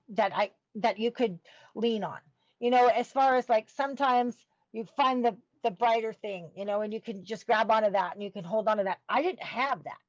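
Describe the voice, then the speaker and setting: A middle-aged woman telling her story as a podcast guest, earnest and halting as she searches for words. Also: medium pitch, dry recording, lo-fi sound. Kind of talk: personal storytelling in an interview.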